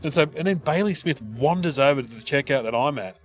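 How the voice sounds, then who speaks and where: Animated man telling funny stories. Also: brisk. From Australia. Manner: animated storyteller, jumps into high-pitched voices for quoted people. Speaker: podcast host. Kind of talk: casual comedic chat.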